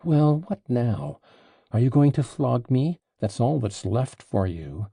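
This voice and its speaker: A man's voice: mid-range voice, big pitch swings, takes it slowly, creaky, warm tone, husky, no room sound, clean studio sound, voice pushed up, exaggerated voice. A man reading an audiobook, voicing an agitated, proud young man under arrest in impassioned, indignant outbursts. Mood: bitter.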